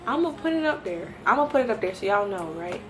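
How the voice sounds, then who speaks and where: A young woman in her early twenties tells her faith testimony in a lively way, talking straight to the viewers. Her voice sits at a middle pitch, with faint music underneath. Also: quick pace. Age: early 20s. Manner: animated, talks straight to viewers. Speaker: vlogger sharing a faith testimony. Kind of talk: personal testimony storytelling.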